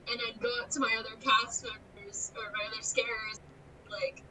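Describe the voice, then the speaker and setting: Brief: young woman guest, animated storyteller, higher pitch, mic a bit far. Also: moderate pace, a little hiss or hum. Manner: animated storyteller, acts out quotes, frequent laughs. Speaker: guest, haunted attraction scare actor. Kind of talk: casual interview chat.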